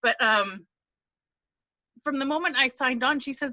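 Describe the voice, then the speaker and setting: A team member gives an emotional testimonial over a video call, earnest and nearly crying, rambling and restarting as she goes. Her high, pushed, bright voice is animated yet measured in pace, with long pauses. The sound is lo-fi, without echo.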